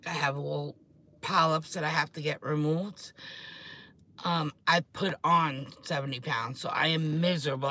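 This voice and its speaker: A woman, rambling excitedly and swearing freely in a casual chat to camera, her voice a little hoarse. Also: sits low. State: hoarse throat. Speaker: vlogger.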